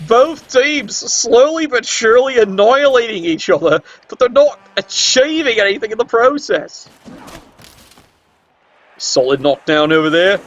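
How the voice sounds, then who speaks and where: A man commentating a game, sarcastic and excitable, swearing often. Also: very high-pitched, unhurried, highs cut off. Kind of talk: tabletop video game commentary.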